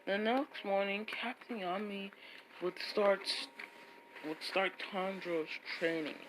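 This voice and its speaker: A woman's voice: medium pitch, slow pace, noisy background. A woman improvising a fan story in a rambling way, with frequent restarts and repeated "would be like" tags.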